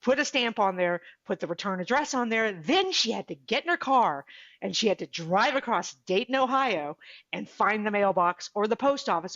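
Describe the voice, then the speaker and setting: A woman's voice: mid-range voice, dry recording, muffled recording. A woman guest on a podcast interview, telling her story with animation and acting out what people said. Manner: animated, acts out quoted dialogue. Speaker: podcast guest, author and speaker.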